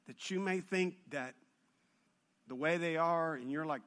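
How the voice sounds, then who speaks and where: A man preaching with a high, bright voice. He tells the story with humor, and his delivery keeps building in intensity as he goes. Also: a little slow. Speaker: pastor. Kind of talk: sermon.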